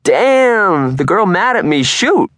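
Cocky teen quarterback, jeering and loud, read by a male narrator, pitched up with lively swings. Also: slow pace, dry recording, heavily acted. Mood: taunting. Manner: loud taunting street slang. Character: brash teenage boy quarterback, taunting and cocky.

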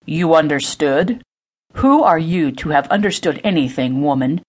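A woman's voice: sits low, lively intonation, moderate pace, a little mellow, husky. A woman voicing a powerful older nobleman who is stern and short-tempered. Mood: angry. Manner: stern, commanding.

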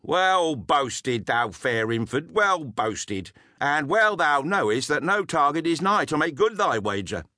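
A man's voice: a little high, very animated, normal speed, few pauses, sharp tone, no echo, studio quality, pitched above the performer's own voice. A male audiobook narrator voicing a sneering forester who speaks sarcastically. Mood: sarcastic. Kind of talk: audiobook character voice.

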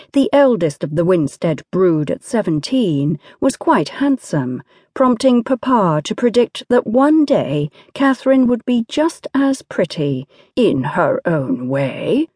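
Scripted narration for an audiobook comes from a woman of medium pitch whose reading is measured and expressive. It was recorded dry, with clean studio sound.

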